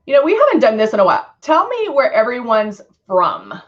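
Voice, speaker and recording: Chatty middle-aged woman, live makeup host, lively up-and-down voice, slightly dull lo-fi sound. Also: fairly high pitch, a little fast. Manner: chatty, laughs often, reads viewer comments aloud. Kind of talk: casual live makeup demo chat.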